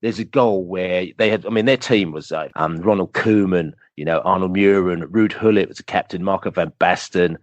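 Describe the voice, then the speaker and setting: A man, a podcast guest telling animated, rambling football fan stories full of fillers. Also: low-pitched, normal speed, few pauses, no room sound. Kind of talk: casual storytelling interview.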